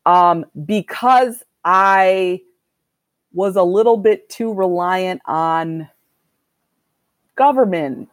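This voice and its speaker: A woman with a fairly low voice speaks as a doctor in a conversational interview. She answers candidly and thoughtfully, and her voice sounds dry and close with no room echo. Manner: reflective, candid, measured.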